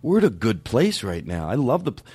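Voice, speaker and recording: A male podcast host in loose comedic chat, rambling and apologizing between jokes. His pitch swings widely as he talks. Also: wildly swooping pitch, a little fast, a little mellow, breathy edge, no echo.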